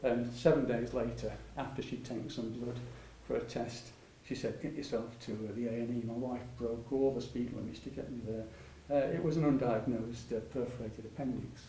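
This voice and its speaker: A man's voice: mid-range voice, fairly even intonation, moderate pace, hardly any pauses, warm tone. An older man gives a rambling, anecdotal talk, full of restarts and laughter. His voice carries through a reverberant room, picked up from some distance off, with faint ambient noise behind. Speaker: patient speaker at a public talk. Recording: echoey hall, mic at a distance.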